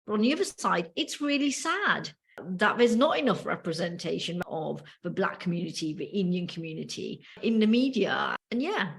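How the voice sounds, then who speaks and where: A woman's voice: on the low side, big pitch swings, normal speed, gravelly. A woman with a British accent from the UK, co-hosting a casual podcast and telling a workplace story with many ums and restarts. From United Kingdom. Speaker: podcast co-host.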